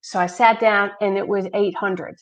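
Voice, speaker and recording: Woman, mid-pitched guest, storyteller who acts out quoted dialogue. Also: moderate pace, low-quality recording. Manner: animated anecdotes, acting out quoted dialogue. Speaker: charity founder, guest. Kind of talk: conversational storytelling interview.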